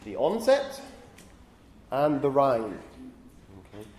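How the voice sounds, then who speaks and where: This male phonetics lecturer has a mid-range, somewhat mellow voice that swings hugely in pitch while moving slowly. Speaking in an echoey hall with faint room noise, he peppers his points with "okay?" and reprimands talkative students.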